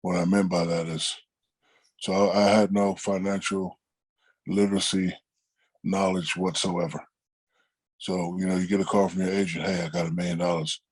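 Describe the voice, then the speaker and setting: Deep husky man telling stories. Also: normal speed, long pauses, no echo. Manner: relaxed, conversational, acts out quoted people. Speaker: interview guest. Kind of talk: casual storytelling.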